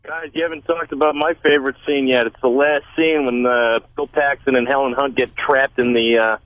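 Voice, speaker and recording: A man's voice: medium pitch, fairly even intonation, brisk, dry recording. Male caller on a dull phone line. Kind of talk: phone-in call.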